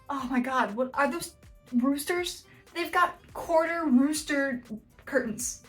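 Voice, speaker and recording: A woman with a high, light voice hosts a casual reaction video. She talks bluntly and jokingly, breaking into frequent surprised exclamations, with faint music in the background. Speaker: YouTube host reacting to house listings.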